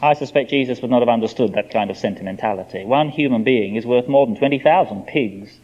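A man's voice: mid-range voice, fast, a little mellow. A man preaching a sermon, explaining a scripture passage in an emphatic, expository way. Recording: dull lo-fi sermon recording.

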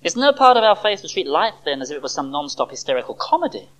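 A preacher giving a sermon to a church service, expressive, with dramatic pauses and rhetorical questions. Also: mid-range voice, rough recording.

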